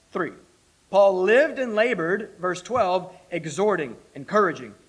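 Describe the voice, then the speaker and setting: A male pastor preaching a sermon, emphatic and lively, with self-deprecating asides. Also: high voice, low-quality recording.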